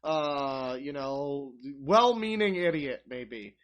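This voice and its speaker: A man's voice: medium pitch, expressive, takes it slowly. Sarcastic ranting male streamer. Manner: sarcastic, exasperated, swears freely; rambling with frequent restarts and asides. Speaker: streamer reacting to online content. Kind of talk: ranting live-stream commentary.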